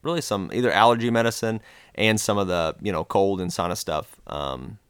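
Rambling, low-voiced American man telling stories. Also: brisk, clear, resonant tone, no room sound. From United States. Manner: rambling, full of fillers and restarts. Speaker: podcast co-host telling a travel story. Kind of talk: casual conversational storytelling.

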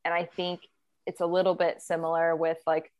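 Young woman, podcast co-host; slightly low voice, chatty and sarcastic. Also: little pitch movement, a little fast. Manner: chatty, sarcastic, uses "like" a lot. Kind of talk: casual chat.

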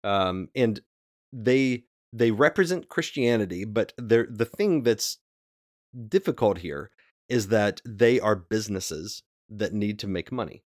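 Male podcast co-host, low-ish and dry, chatty and hedging. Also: expressive, measured pace, no room sound. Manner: hedging, with many fillers and restarts. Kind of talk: casual discussion.

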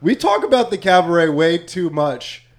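A man's voice: fairly high pitch, sing-song, moderate pace. A young man, a comedian co-hosting a podcast, telling a story in a rambling, casual way and swearing a lot.

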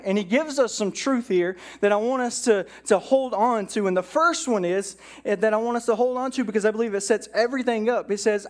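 A man's voice: high-pitched, fairly quick, hardly any pauses. A male pastor preaching a conversational sermon to a live congregation. He keeps checking in with "right?" and acts out bits of dialogue as he goes.

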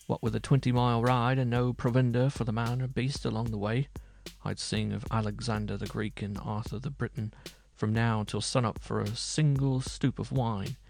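A man's voice: mid-range voice, level tone, moderate pace, gravelly, darkish tone, faint music behind, natural voice. A man voicing a boastful, hungry bearded male minstrel who talks in old-fashioned, mocking speech. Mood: grumbling.

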